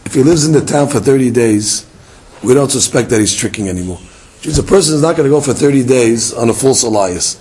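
This time his medium-pitched voice is husky and quick, again captured on a low-quality recording. Teaching Talmud, he animatedly acts out exchanges and throws rhetorical questions at his audience.

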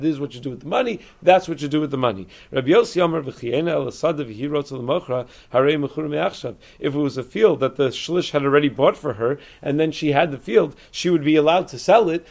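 Brief: male Talmud teacher, slightly high, gravelly voice, dull lo-fi recording, quick explanatory delivery with restarts. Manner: fast, explanatory, with many restarts and Hebrew-Aramaic terms. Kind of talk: Talmud class lecture.

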